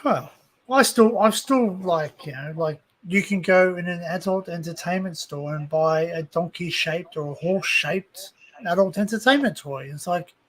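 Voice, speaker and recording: A man's voice: high voice, normal speed, a bit bright. A man on a livestream panel, chatting casually with crude jokes. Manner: crude, joking.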